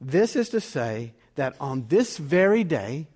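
A man's voice: a little high, big pitch swings, takes it slowly, darkish tone. A man preaching as a pastor, reading scripture and telling a story in an earnest sermon. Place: church. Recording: long reverb of a church hall.

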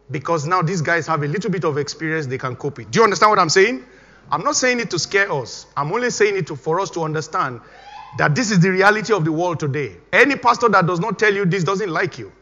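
High, bright-voiced pastor preaching. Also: male voice. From Nigeria. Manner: emphatic, repeating exhortations. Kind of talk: sermon. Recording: dull recording with long hall reverb.

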